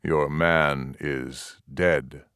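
A man voicing a calm, grave male chieftain who speaks in slow, short, deliberate sentences. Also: a bass voice, clean tone, dry recording, studio quality, voice pushed down, full character voice. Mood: grave, measured.

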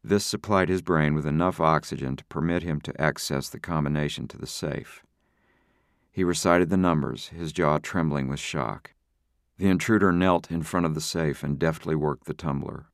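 A man narrating an audiobook thriller in a measured, steady storytelling manner. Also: very deep voice, no room sound, clean studio sound. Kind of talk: scripted narration.

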